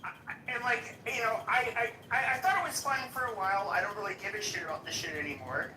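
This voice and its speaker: A man's voice: high-pitched, fast. A man talking in a live voice chat room, ranting in a contemptuous, stop-start way full of fillers. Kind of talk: casual heated rant. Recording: echoey, distant, noisy audio-room stream.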